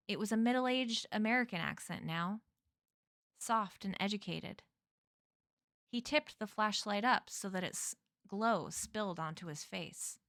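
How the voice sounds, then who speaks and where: A woman's voice: medium pitch, a little slow, fairly bright tone, no room sound. A woman reads a novel aloud for her stream, taking her time over each sentence. Her voice sits mid-range and sounds close and dry, with no room around it. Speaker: streamer reading a book aloud.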